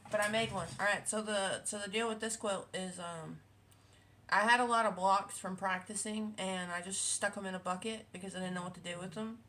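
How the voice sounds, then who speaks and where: She's a quilting vlogger chatting casually at home with her cats, drifting along with plenty of fillers and restarts. Her medium-pitched voice is brisk and a bit bright, with fairly even intonation.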